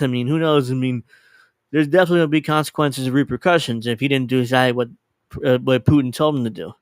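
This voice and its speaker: A man's voice: medium pitch, fast, no echo. A man hosting his livestream, giving casual, profane, sarcastic commentary on a clip and laughing often. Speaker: livestream host.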